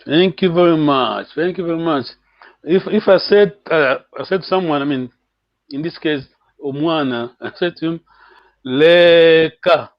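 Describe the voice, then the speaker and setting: A man teaching a live online language class, patiently repeating words slowly and chuckling often, over a call microphone. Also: fairly high pitch, no room sound. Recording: dull, dry lo-fi stream audio.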